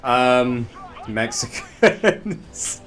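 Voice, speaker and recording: A man's voice: mid-range voice, expressive, very slow, faint music behind, a faint crowd. Swearing young male gamer streamer. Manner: joking and swearing, yelling during fights. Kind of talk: casual gaming chat.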